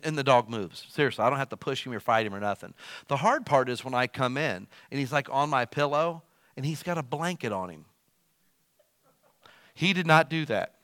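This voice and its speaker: A middle-aged male pastor preaching a sermon in a folksy, conversational way, with big swings in pitch and volume. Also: a bit bright, dry recording.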